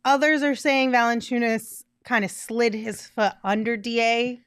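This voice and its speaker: A woman hosting a casual sports podcast, upbeat and quick to laugh. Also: fairly high pitch, steady tone, a bit bright, clear, resonant tone, no echo, clean studio sound. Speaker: podcast host.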